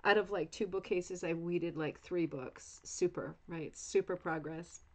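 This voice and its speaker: A woman's voice: lowish voice, steady tone, measured pace, low-quality recording. A middle-aged woman hosting a craft club livestream, chatting casually with viewers in a rambling way full of asides and restarts.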